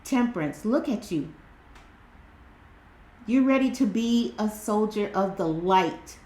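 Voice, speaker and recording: A woman giving an excited spiritual tarot reading to her viewers, repeating herself in a preachy way. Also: mid-range voice, slow. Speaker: tarot reader.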